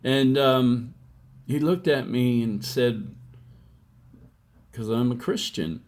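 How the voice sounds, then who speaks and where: An older man in his sixties tells his life story at an unhurried, deliberate pace. His speech is plainspoken, and he acts out what people said to him along the way. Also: mid-range voice, darkish tone. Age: 60s. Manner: plainspoken, slow storytelling with re-enacted quotes. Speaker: testimony speaker. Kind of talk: personal testimony, storytelling.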